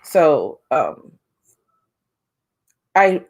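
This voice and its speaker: A woman in her forties, a homeschooling mom, telling a personal story to camera in a casual, animated way and acting out what people said. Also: very slow. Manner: animated, acts out quotes with big pitch jumps.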